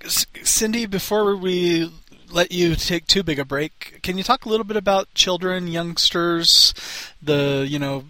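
A male host asks questions in a chatty, stumbling way. His voice is bright and a little high. It is recorded dry, with no room sound. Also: measured pace, no echo. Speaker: interview host. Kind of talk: interview conversation.

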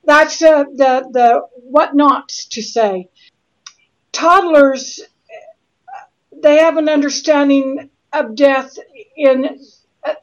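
Slow-spoken middle-aged woman, muffled audio. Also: high voice. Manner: slow, earnest, halting with restarts. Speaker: guest author. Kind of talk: interview conversation. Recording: slightly dull lo-fi audio.

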